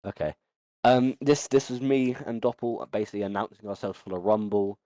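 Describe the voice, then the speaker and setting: A man's voice: lowish voice, fairly quick, mellow, dry recording. A man hosting a casual podcast chat, rambling with many ums and restarts. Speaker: podcast host.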